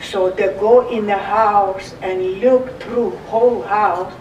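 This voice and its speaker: Slow elderly Russian-accented woman. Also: mid-range voice, steady tone, a little mellow, recorded from a distance, slight background noise. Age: 80s. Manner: simple broken English, earnest storytelling. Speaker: survivor giving oral history. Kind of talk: personal testimony. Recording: echoey room, off-mic.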